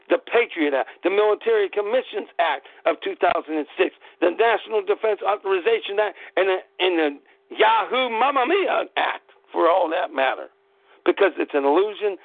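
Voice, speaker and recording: A man's voice: sits high, no room sound. A man hosting an internet radio show, delivering a fired-up, profane political rant in angry bursts. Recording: tinny phone-line audio, dry.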